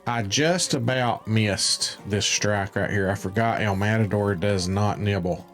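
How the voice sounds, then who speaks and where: Slow, laid-back man with a low voice. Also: a bit bright, faint music behind. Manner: laid-back, rambling, with frequent fillers. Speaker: game guide host. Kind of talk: casual gameplay commentary.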